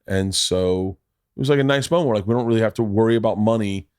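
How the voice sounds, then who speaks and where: A man in his forties hosting a podcast, telling family stories in casual chat, swearing freely and animated. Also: on the low side, fast, clear, resonant tone, dry recording, studio quality. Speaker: podcast host. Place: podcast studio.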